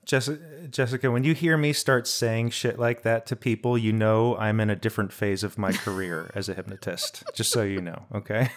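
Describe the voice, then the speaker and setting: A man's voice: on the low side, steady tone, brisk, few pauses. A man co-hosts a casual podcast about a film. He is laid-back and jokey and chimes in with short remarks. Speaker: podcast co-host.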